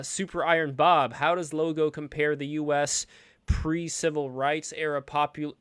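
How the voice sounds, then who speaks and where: Smooth-voiced man hosting a stream. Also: a little high, no echo, clean studio sound. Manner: rambling, reads out donations. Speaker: stream host. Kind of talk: casual online chat.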